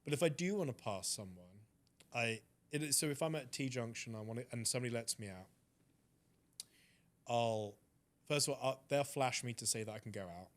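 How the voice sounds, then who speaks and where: A man's voice: medium pitch, fairly quick. A man with an English accent, a guest telling stories in a casual chat. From Britain. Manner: animated storyteller. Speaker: interview guest.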